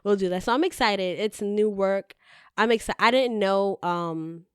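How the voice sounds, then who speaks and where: A woman speaking as a guest in a casual interview, candid and animated, cursing freely as she tells her stories. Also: medium pitch, unhurried, clear, resonant tone, no room sound, clean studio sound. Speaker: podcast guest, editor-in-chief.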